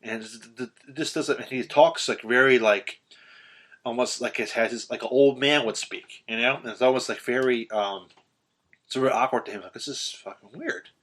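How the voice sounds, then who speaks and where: Recapping a film on a podcast he co-hosts, a man speaks at a moderate pace in a medium-pitched voice. His casual, animated retelling is full of profanity, and he acts out quotes with sudden shouts.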